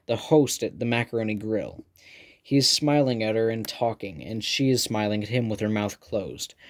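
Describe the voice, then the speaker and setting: A man reading a first-person novel aloud with steady storytelling delivery. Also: mid-range voice. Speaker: audiobook narrator. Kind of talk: scripted first-person narration.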